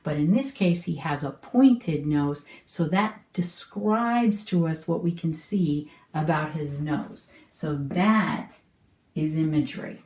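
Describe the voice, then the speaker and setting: Slow, patient woman teacher. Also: sits low, a little mellow, reverberant. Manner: patient, explains slowly, asks the viewer questions. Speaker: homeschool teacher. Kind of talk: online lesson.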